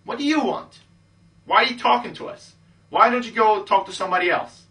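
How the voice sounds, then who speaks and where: A man's voice: brisk, pushed and bright, recorded from a distance. A man mimicking a snappy, scornful young woman. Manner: shrill, high and scornful.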